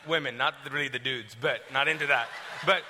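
A young man from Kuwait telling his testimony to a live audience on stage. He is animated, acts out his own past dialogue, and swings between loud and hushed delivery. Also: mid-range voice, fairly quick, noisy background. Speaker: speaker sharing a testimony. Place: stage before a crowd.

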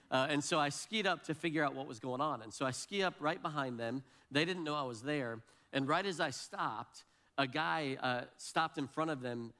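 A male pastor in his forties preaching a sermon with a voice a little higher than most men's. He tells a personal story in a relaxed, conversational way, with a self-deprecating humor.

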